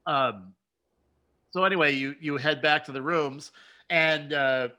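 A man running a tabletop game as game master, narrating haltingly with frequent laughs. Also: fairly high pitch, sharp tone. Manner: halting, laughs often, many fillers.

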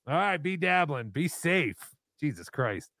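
A man's voice: on the high side, sing-song, a little slow, creaky, a bit bright, dry recording. Easygoing man hosting a live call-in stream. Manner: easygoing, swears casually. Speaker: live show host playing voicemails. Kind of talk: casual live-stream chat.

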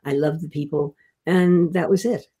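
An older woman, a veteran actress, telling stories in an interview, halting and restarting often as she chuckles. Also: sits low, steady tone, dark tone, breathy edge. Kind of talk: interview storytelling.

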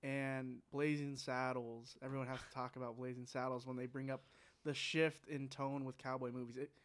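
A man's voice: mid-range voice, little pitch movement, normal speed, clean tone. A man co-hosting a casual movie chat, sharing film history with many ums and uhs. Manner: informative, lists films with fillers. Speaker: podcast co-host.

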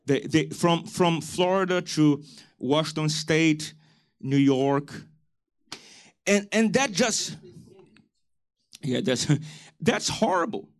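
Preacher guy, kinda high voice, shouts the big points at the congregation. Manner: preaching with rising shouted emphasis and call-and-response. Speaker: pastor. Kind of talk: sermon.

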